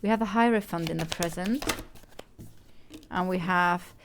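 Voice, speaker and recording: A woman doing a tarot card reading. She talks in a chatty way, corrects herself, and softly repeats her questions while she draws the cards. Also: fairly low pitch, measured pace, noisy background. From Germany. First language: German. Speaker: tarot reader.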